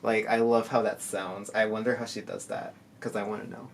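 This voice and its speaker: A soft-spoken man in casual reaction commentary, rambling with many fillers and sounding tired. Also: lowish voice, little pitch movement, brisk. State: tired from lack of sleep. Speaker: musician reacting to music. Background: faint music playing.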